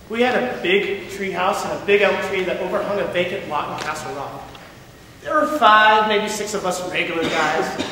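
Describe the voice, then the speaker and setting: A young man giving a dramatic first-person story reading, reflective and measured, performed live in a large hall. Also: sits high, bright, forceful tone, a little hiss or hum. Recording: echoey hall from far off.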